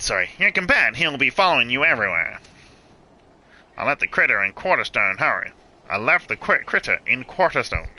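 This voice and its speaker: A man voicing a cocky female smuggler in a put-on gangster accent, louder than his usual voice. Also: mid-range voice. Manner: put-on gangster accent, drops g's and says 'me' for 'my'. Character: cocky female jackal smuggler, wheedling crook.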